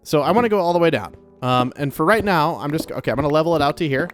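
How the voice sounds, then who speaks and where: A man's voice: on the high side, racing, faint music behind. A man giving casual, rambling commentary as he plays a video game, talking to himself with lots of filler words. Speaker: Let's Play creator.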